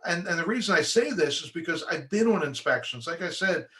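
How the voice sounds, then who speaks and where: Man, middle-aged home inspector, bright slightly high voice, chatty training-talk delivery with frequent restarts. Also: lively intonation, brisk. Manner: conversational, restarts often, acts out clients' voices. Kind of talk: training talk for real estate agents.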